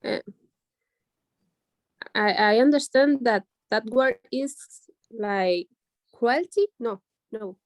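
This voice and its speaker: Slow, halting woman student. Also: fairly high pitch, no room sound, poor audio. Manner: halting, unsure, searching for words. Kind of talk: answering in an online class. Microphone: video call.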